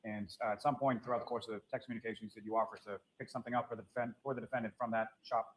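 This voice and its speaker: A man's voice: lowish voice, fairly even intonation, rapid-fire, slightly rough, rough recording. A man in court questioning a witness in a formal manner, calling him sir and dropping in filler uh's. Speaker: trial attorney.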